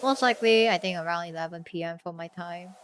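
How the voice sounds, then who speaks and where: A woman streaming a story game, chatting casually in a worn-out, sick-sounding voice with a flat, deadpan delivery and soft laughs. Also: lowish voice, fast talker, slight background noise. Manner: chatty, trails off and restarts, laughs softly.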